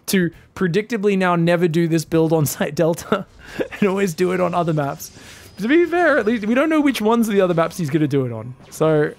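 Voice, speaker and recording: An Australian man casting a live strategy game, chatting and joking with his viewers between plays and bursting into excited shouts. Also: high voice. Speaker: esports caster. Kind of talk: live game commentary and chat banter.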